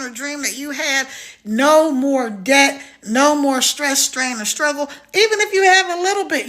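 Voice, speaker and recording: A middle-aged woman hosting a live stream, giving an energetic, motivational pitch straight to her viewers. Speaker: live-stream host promoting a program.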